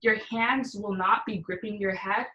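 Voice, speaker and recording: A woman's voice: medium pitch, steady tone, unhurried, lo-fi sound. A young adult woman leading an online yoga class, cueing breaths and poses in an encouraging way. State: out of breath at times. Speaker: yoga instructor.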